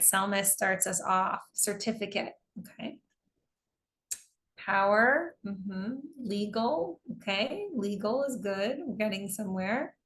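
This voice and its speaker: A woman's voice: medium pitch, fairly bright tone. An American woman teaching an online English class, explaining terms patiently with examples and reading out students' answers.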